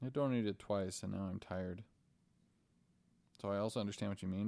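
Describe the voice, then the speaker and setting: A man's voice: on the low side, moderate pace, creaky, mellow. Joking, cursing young man chatting. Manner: joking, profane, breaks into silly voices. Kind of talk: casual chat.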